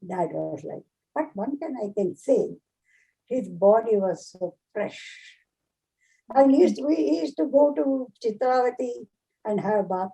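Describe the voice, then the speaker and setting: A woman's voice: a little high, animated, unhurried, vocal fry, warm tone, breathy edge, low-quality recording. An older woman telling a personal memory earnestly, acting out what people said. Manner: earnest, repeats phrases, acts out quoted speech. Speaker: devotee sharing a memory. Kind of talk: personal storytelling.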